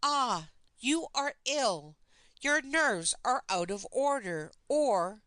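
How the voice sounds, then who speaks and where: An impatient young man who presses eagerly and turns to scorn, read by a woman in an audiobook. The voice sits fairly high and swings widely in pitch. It comes across dry and close, with nothing around it. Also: animated, slow pace, fairly bright tone, dry recording. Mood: mocking. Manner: urgent, scornful. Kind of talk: audiobook character reading.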